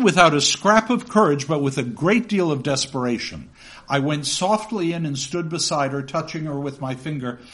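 A man's voice: on the high side, fairly bright tone. A man lecturing on a novel and reading passages aloud, with chatty asides that end in "okay?".

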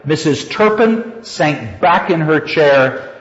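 A man teaching literature, reading a story aloud and stopping to explain it with deliberate emphasis. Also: fairly high pitch, animated. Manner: reads passages then explains them, deliberate and emphatic. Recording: echoey hall, dull lo-fi sound.

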